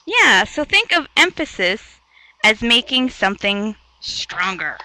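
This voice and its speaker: A woman from Canada teaching an online English lesson, patient and encouraging, explaining slowly. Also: a little high, big pitch swings, sharp tone, low-quality recording. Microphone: video call headset or laptop mic.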